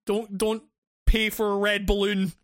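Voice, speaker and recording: A podcast co-host chatting casually, excitable and profane, often stumbling over repeated words. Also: mid-range voice, unhurried. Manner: excitable, profane, stammering restarts.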